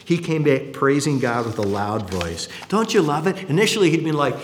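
A male pastor delivers a sermon with lively, swooping intonation, slipping into character to act out quotes. His voice sits fairly high. The recording carries the long reverb of a large hall. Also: moderate pace. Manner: animated, acts out quotes.

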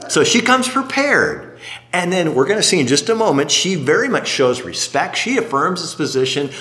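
A middle-aged man preaching a sermon, telling a story in an animated way and acting out what people said. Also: on the high side, normal speed. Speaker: pastor.

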